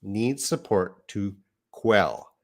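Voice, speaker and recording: A man teaching English live, with a deep, low voice. He talks slowly and patiently, going over words one at a time and answering questions from the chat. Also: expressive. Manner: slow, patient explaining of words, reading viewer comments aloud. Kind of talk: live online English lesson.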